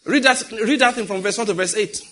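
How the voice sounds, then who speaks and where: A middle-aged Nigerian pastor preaches in an easy, conversational way, dropping into pidgin asides. His voice sits a little high and sounds bright and forceful. It carries a husky, slightly rough edge. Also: a little fast. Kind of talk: sermon.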